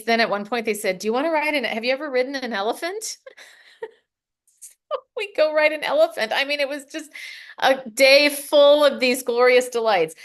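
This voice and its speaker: With a slightly high voice, a middle-aged US woman shares casual stories on a podcast as a guest. Her telling is animated and full of laughter, and she acts out what people said.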